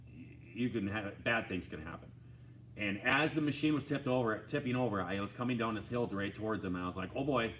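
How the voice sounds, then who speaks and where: A man casually retelling a side-by-side rollover story in a rambling, animated way, full of restarts. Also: fairly low pitch, a little hiss or hum. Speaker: homestead vlogger.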